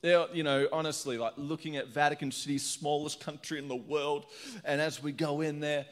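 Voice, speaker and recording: A middle-aged man from Australia preaching a sermon, energetic and chatty, telling stories with laughs. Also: a little high, moderate pace. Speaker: pastor.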